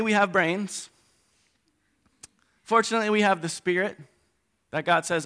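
A middle-aged man preaching a sermon, animated, swinging between loud emphasis and quiet asides. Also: high voice, moderate pace, long pauses.

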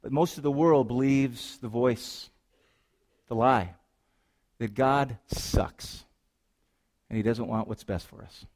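A man preaching a sermon as pastor, reading scripture and then riffing on it with playful asides and rhetorical questions to the congregation. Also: medium pitch.

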